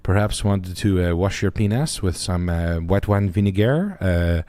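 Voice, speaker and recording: A man putting on a halting foreign character who speaks broken English full of hesitations. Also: deep voice, warm tone. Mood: deadpan. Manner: slow broken English, constant ums. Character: halting foreign man with a French guy bit.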